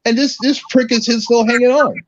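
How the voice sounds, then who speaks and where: A man's voice: very high-pitched, steady tone, a little fast, dry recording. A man ranting combatively in a casual political chat as a podcast guest, restarting his phrases often. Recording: dull lo-fi audio, dry.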